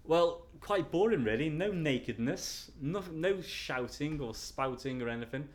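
An English interview guest answers questions casually and hesitantly, often restarting and chuckling self-consciously at himself. His voice is a little high and expressive, at a moderate pace.

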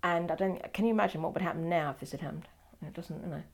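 An older woman with a low, gravelly voice tells her own story in an interview. She talks in a wry, digressive way, breaking off and correcting herself as she goes. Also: quick pace. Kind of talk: oral history interview.

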